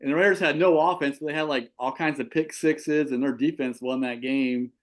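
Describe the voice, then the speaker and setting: A man hosting a casual sports talk show, animated and quick to repeat himself as he asks his co-hosts questions. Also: medium pitch. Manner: animated, repeats and restarts words. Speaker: show host and football official.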